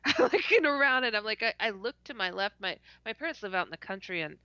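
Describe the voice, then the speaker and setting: A woman's voice: mid-range voice, sing-song, fast talker, bright, forceful tone, no room sound. A woman guest telling a story animatedly. She laughs often, stutters and acts out her own reactions, heard through dull lo-fi call audio. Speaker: podcast guest. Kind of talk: casual storytelling in an interview.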